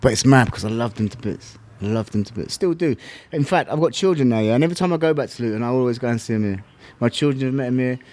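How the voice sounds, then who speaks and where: A man's voice: mid-range voice, lively intonation, fast talker, a little mellow. A man, a former fighter and podcast guest, telling his story bluntly, swearing and using slang. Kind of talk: casual interview talk.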